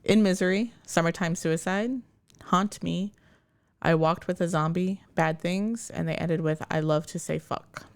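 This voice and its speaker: A woman's voice: fairly low pitch, fairly even intonation, measured pace, smooth. A woman co-hosting a podcast, chatting casually, hesitant and mostly giving short replies. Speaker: podcast co-host. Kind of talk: casual chat.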